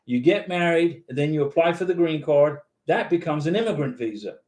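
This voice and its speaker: A chatty man with a high voice hosts a casual livestream. He reads out viewers' comments and answers them directly. The sound rings around an echoey room. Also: animated, a little fast, darkish tone.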